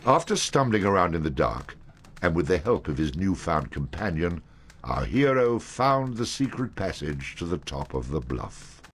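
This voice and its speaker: A man's voice: sits low, sing-song, normal speed, slight background noise. A man giving wry, scripted storybook narration in a game.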